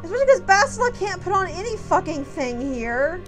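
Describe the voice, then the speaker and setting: A woman's voice: extremely high pitch, very animated, a little fast, rough recording. A woman streaming a video game, ranting angrily and swearing about a fight she keeps losing. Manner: angry profane ranting, loud outbursts. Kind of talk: live gameplay commentary. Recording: game music under the voice. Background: game music.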